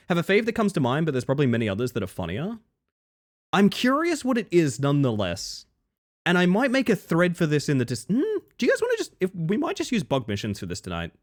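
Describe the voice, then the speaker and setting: A young male streamer talks casually with his chat, his voice bouncing around with lots of pitch movement and sitting a little above the usual male pitch. He swears freely and keeps things loose and chatty. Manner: animated, profane, chatty with viewers. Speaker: livestreamer.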